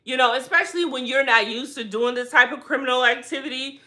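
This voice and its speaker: Host, woman, bright tone, loose slangy recap commentary full of asides. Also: high-pitched, fast talker. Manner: animated, slangy, many rhetorical asides. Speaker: trial recap vlogger.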